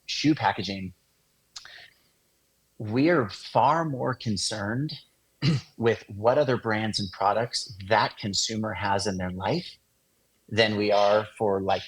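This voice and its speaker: A man, an interview guest, explaining in a relaxed casual way with lots of fillers. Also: on the low side, slow pace, long pauses, slightly rough, low-quality recording. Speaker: guest, design agency founder.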